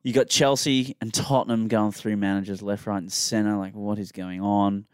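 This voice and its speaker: A man's voice: lowish voice, steady tone, normal speed, smooth, no echo, clean studio sound. A man, hosting a casual podcast chat and rambling enthusiastically about sport. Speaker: podcast host.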